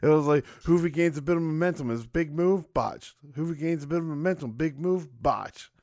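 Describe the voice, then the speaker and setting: A man's voice: a little high, brisk, a little mellow, no room sound. Laughing man recapping wrestling, dry sound. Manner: laughs often, recaps matches with swearing. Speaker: podcast co-host. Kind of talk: casual chat.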